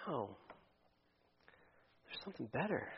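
A man preaching a sermon to his church, animated and conversational, often restarting his phrases and acting out voices. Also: mid-range voice, a little slow, gravelly, highs cut off, slight background noise. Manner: animated, acts out voices in quotes, frequent restarts. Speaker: pastor. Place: church sanctuary.

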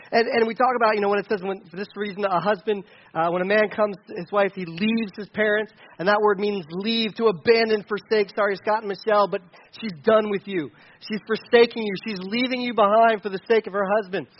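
A man with a notably high voice preaches a sermon in a loose, conversational way, full of restarts and asides. He swings from loud, earnest pleading to quiet, wry remarks. The recording sounds dull and lo-fi. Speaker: pastor.

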